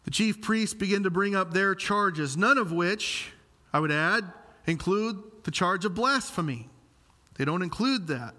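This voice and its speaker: A man's voice: a little high, sharp tone. A man preaching an expository sermon, explaining scripture with emphatic delivery. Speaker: pastor. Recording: long hall reverb.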